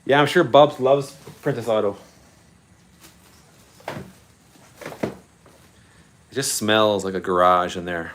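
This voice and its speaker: Excitable man with a lively voice. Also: fairly low pitch, slow pace, pauses often. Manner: chatty and excitable, greets viewers by name, laughs often. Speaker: livestream host of a model railway channel. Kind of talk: casual live-stream chat with viewers.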